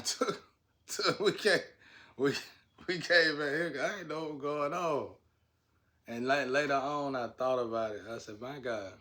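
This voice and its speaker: A man's voice: mid-range voice, bright, forceful tone. A man telling stories in a casual, rambling way, laughing often and using slang. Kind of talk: casual storytelling.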